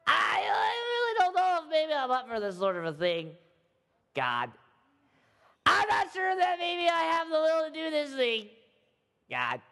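A man's voice: extremely high pitch, wildly swooping pitch, a little slow, pauses often, pushed and bright, raised voice, voice pushed up, heavily acted. A man voicing a timid, hesitant young man who stammers and repeats himself as he pleads. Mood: pleading. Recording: echoey hall.

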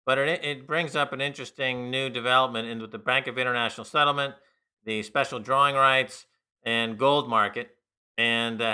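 A man's voice: mid-range voice, sharp tone, smooth. A man co-hosting a talk radio show, giving wry, sardonic commentary on the news in casual studio chat. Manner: wry, sardonic, mocks with put-on voices.

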